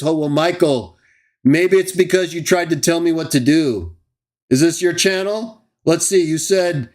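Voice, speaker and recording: A man's voice: high voice, normal speed. A man hosting a live stream, ranting and mocking his critics with scornful laughs. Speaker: host of a live stream show. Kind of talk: heated live stream rant.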